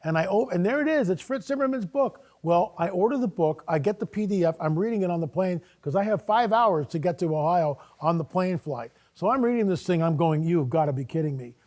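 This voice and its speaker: Man, talk show guest, higher voice, animated storyteller, acts out dialogue. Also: a little fast, few pauses. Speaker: guest speaker.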